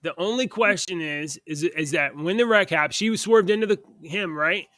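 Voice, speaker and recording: High, bright-voiced male podcast host. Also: moderate pace, dry recording, clean studio sound. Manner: chatty, stumbles and restarts while reading headlines. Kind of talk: casual chat, reading news aloud.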